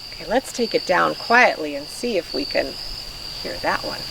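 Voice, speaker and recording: A woman's voice: fairly low pitch, animated, moderate pace, creaky, background noise. A woman leading a children's storytime with playful sing-song voice games, recorded outdoors on a farm. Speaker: children's librarian. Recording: distant outdoor recording with crickets.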